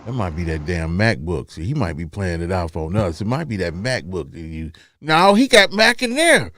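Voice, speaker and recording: A man's voice: sits low, sing-song, moderate pace, fairly bright tone, a little hiss or hum. A man hosting a casual podcast, laid-back and slangy, joking his way through a technical hitch. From Cincinnati. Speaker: podcast host.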